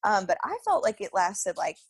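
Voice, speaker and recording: A woman's voice: medium pitch, very animated, moderate pace, breathy edge, no room sound. A young woman telling a personal story as a podcast guest in a casual, chatty way, with frequent "like" fillers and laughter. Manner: chatty, peppered with "like", laughs often.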